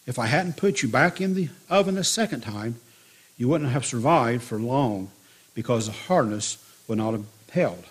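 A man voicing a patient master potter who speaks quietly and gently. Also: mid-range voice, lively intonation, moderate pace, slightly rough. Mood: tender.

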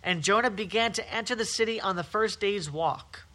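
A man with a high voice preaches with hammering repetition. His tone is piercingly bright and tense. He drives each point home in waves of emphasis. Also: normal speed. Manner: emphatic, repetitive preaching with rising and falling intensity. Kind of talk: sermon.

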